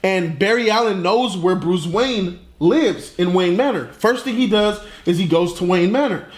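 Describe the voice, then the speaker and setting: A man with a high voice gives a casual comic review and retells it in slangy, profane, animated talk. The recording sounds roomy and echoey. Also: moderate pace.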